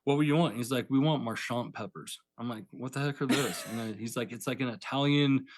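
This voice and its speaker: A man chatting casually as a podcast guest, rambling and packing every sentence with fillers while he acts out old conversations. His pitch sits right in the middle for a man. The sound is dry and close, with no room around it. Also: steady tone, fairly quick, dry recording. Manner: rambling, filler-heavy, retells with quoted dialogue. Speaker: guest, pepper farmer.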